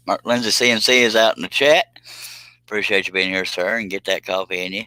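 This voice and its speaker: A low-voiced man with a drawl talks casually through a live stream from his workshop. His tone is bright and forward despite the deep pitch. He rambles, pokes fun at himself and chuckles as he works. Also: steady tone, brisk, clean tone, no echo, low-quality recording. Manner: rambling, self-deprecating, chuckles often. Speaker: live stream host reading chat. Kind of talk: casual live stream chat while working.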